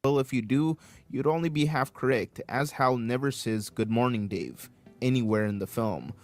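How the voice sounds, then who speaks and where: A man giving scripted narration in a video, explaining things in an even way. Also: mid-range voice, moderate pace, faint music behind.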